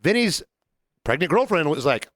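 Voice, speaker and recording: A man co-hosting a podcast in casual chat, telling stories in an animated way and swearing for emphasis. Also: a little high, normal speed, no echo. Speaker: podcast co-host.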